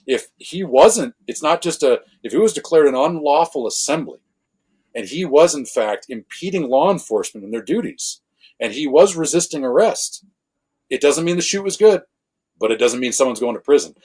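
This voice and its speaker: A man, a former law enforcement officer, tells animated stories on a podcast, acting out quotes and correcting his own swearing. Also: fairly high pitch, moderate pace, slightly rough. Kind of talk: casual storytelling conversation.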